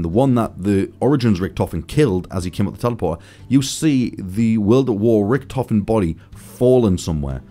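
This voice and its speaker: A man with a low, warm voice talks through gaming theories to his audience, thinking out loud and growing excited as he goes. Faint guitar music plays in the background. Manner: excited, speculative, addresses viewers as guys. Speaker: gaming channel host. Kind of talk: casual gaming theory commentary.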